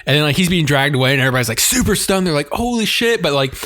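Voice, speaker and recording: A man's voice: fairly high pitch, very fast, a bit bright, no room sound, studio quality. A man co-hosting a podcast, rambling through an anime recap with lots of "like" and bursts of laughter. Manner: rambling, heavy use of "like", breaks into laughter. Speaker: podcast co-host. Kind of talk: casual chat recapping anime.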